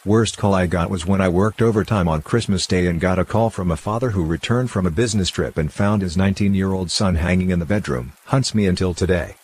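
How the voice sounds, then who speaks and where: A man narrating stories in a low, somber storytelling manner. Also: fairly quick, hardly any pauses, darkish tone, slight background noise. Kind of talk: scripted narration.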